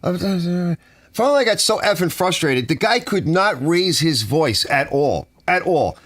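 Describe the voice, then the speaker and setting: Man, from the US, ranting, exasperated, lively swings in pitch, dry studio sound. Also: a little slow, no room sound. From United States. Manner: exasperated, animated complaining with softened swearing. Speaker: channel host. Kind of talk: ranting casual monologue. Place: home garage studio.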